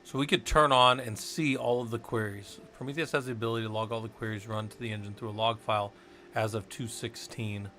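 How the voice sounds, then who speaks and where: A man's voice: fairly low pitch, fairly even intonation, fairly quick, pushed and bright, faint music behind. A man leading a casual live study session, thinking aloud in a loose, informal way and swearing now and then.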